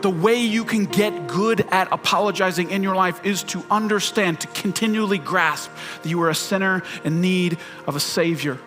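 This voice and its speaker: A man preaching a sermon as pastor, talking conversationally, repeating key phrases and acting out quoted lines. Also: high voice.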